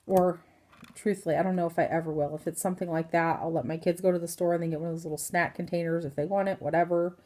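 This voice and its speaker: A woman's voice: fairly low pitch, steady tone, quick pace, a little mellow. A woman in her thirties from Indiana giving a rambling, casual health update to her phone camera, full of ums and self-corrections. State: hiccups. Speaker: vlogger.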